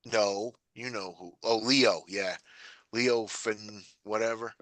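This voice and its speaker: On a video call, a man taking part in the meeting rambles through stories in casual chat, mimicking people in a high voice. His delivery is slow and fairly even in intonation, a bit bright, with no echo.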